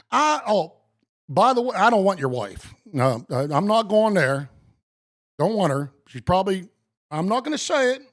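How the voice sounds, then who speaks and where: A man live-streaming, joking with viewers by name and reading case law aloud slowly and with emphasis. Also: high-pitched, very animated. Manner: slow, emphatic reading of legal text.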